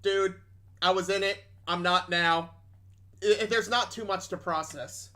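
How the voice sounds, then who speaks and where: A man's voice: high voice, a little slow, bright, forceful tone. A young man streaming games, chatting casually in a blunt, sarcastic way. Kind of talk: casual chat.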